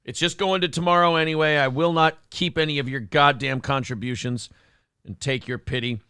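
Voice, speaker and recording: Gravelly, crude-joking male host. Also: on the high side, fairly even intonation, a little fast, pushed and bright, no room sound, studio quality. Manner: crude, joking, eats on air. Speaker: morning show host. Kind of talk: casual live-stream chat.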